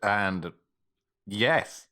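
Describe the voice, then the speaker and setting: A man's voice: fairly low pitch, expressive, very slow, heavy background noise. A man co-hosting a comedy podcast, chiming in with jokes and silly voices. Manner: interjects with jokes and silly voices, laughs a lot. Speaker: podcast co-host. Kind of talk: casual comedic chat.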